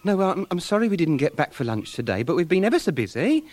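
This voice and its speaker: Prim mummy's-boy man, bouncy pitch, for a hissy archive radio comedy. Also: sing-song, fast. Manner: prim, flustered. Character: fussy, mother-led male pier co-owner. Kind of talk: 1990s radio sitcom acting.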